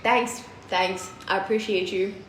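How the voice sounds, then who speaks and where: A woman from South Africa co-hosting a podcast in casual chat, animated and laughing often. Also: medium pitch, a little slow. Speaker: podcast co-host. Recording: roomy with faint noise.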